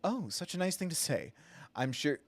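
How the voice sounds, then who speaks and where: A man voicing a flirtatious disguised male shopkeeper in a video game, reading the dialogue aloud in a soft, coy way. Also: fairly high pitch, sing-song, moderate pace.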